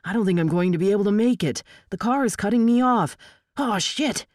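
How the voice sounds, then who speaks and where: A woman's voice: big pitch swings, very slow, warm tone, no room sound, studio quality, heavily acted. A woman reading a novel aloud, voicing a nervous male truck driver who talks in an urgent, anxious rush. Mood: alarmed. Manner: anxious, urgent, high-strung.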